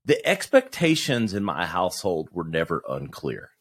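Low-ish guy on a podcast, kinda halting and reflective, dry sound. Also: wildly swooping pitch, no echo. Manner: reflective, halting with many restarts. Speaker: podcast guest. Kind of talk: casual conversation.

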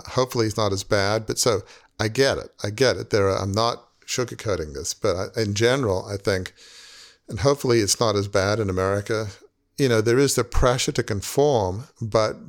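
A man in his sixties hosting a podcast, talking in an earnest, rambling way with many "you knows". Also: on the low side. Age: 60s. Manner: earnest, rambling, heavy use of "you know". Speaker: podcast host. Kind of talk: reflective podcast conversation.

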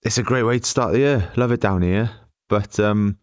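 A low-pitched man chats loosely through a funny anecdote, laughing as he goes. His voice is smooth and clear, recorded dry and close to the mic. He rambles with restarts and easy humor. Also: normal speed, dry recording, dull audio. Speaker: podcast co-host. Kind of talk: casual storytelling chat.

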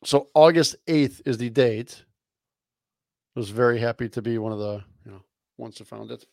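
A man's voice: mid-range voice, moderate pace, gravelly, darkish tone, no echo, studio quality. A man co-hosting a casual sports chat show, laid-back and laughing along. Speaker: podcast co-host.

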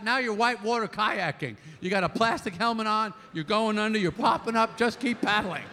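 A male stand-up comedian on a theater stage, with an exasperated, animated delivery that breaks into shouts. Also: high-pitched, fairly quick, few pauses. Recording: long theater reverb, audience noise.

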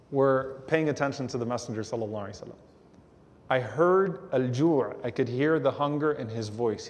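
A man giving a religious lecture, telling a story in an animated way and acting out the voices of the people in it. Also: medium pitch, long reverb tail. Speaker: Islamic lecturer.

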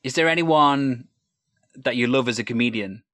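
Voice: medium pitch, moderate pace, fairly bright tone, no room sound. An interviewer asking an improv performer questions, encouraging her with short affirmations and laughs.

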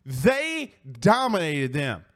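A man's voice: on the high side, wildly swooping pitch, takes it slowly, fairly bright tone. A man hosting a sports talk radio show, ranting in a profane, fired-up way and hammering his points through repetition.

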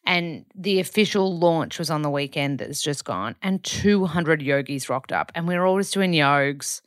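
A low-voiced Australian woman hosts her podcast in a rambling, chatty way, often stopping to correct herself mid-sentence. The sound is dry and close, with no room around it. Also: normal speed, no room sound. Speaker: podcast host. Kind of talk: casual weekly diary chat.

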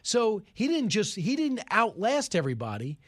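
A man's voice: high-pitched, wildly swooping pitch, fairly bright tone. A man hosting a talk radio show, giving opinionated, emphatic commentary and taking calls. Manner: opinionated, emphatic, quick asides. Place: radio studio.

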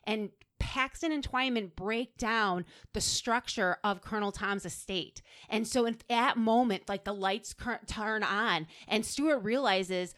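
A woman's voice: a little high, measured pace, hardly any pauses, fairly bright tone. A woman co-hosting a podcast, telling a story in casual chat and acting out the quotes with animation. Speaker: podcast co-host.

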